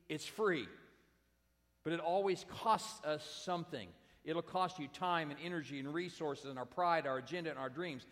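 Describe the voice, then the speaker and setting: A man's voice: on the high side, a bit bright. A pastor preaching a sermon to his congregation, emphatic and direct, repeating his key phrases. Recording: long hall reverb.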